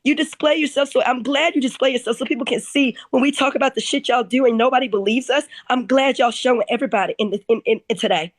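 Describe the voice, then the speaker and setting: A woman with a high voice speaks angrily, tripping over her words in quick restarts. Her voice sounds close and dry, with no room around it. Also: dry recording. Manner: angry, rapid, stumbling restarts. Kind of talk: heated live-stream talk.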